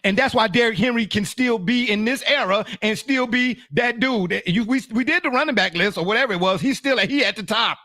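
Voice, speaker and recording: Animated bright-voiced sports talk man. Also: high voice, fairly quick, few pauses, no room sound, clean studio sound. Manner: emphatic, slangy, laughs often.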